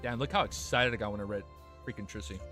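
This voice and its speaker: A man streaming live, reading a novel aloud and breaking off into excited, profane reactions. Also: fairly low pitch, fast, soft background music.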